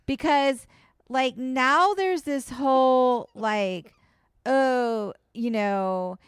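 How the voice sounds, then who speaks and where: Chatty, bright-toned woman podcast host. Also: sits high, very slow, clear, resonant tone, dry recording, studio quality. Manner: chatty, animated, lots of fillers. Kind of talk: casual chat. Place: home, indoors.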